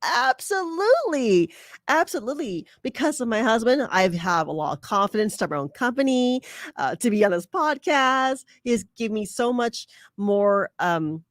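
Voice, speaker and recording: A woman's voice: a little high, sing-song, moderate pace, dry recording, clean studio sound. A woman hosting a casual advice podcast, chatty, laughing often and using many fillers. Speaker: podcast host.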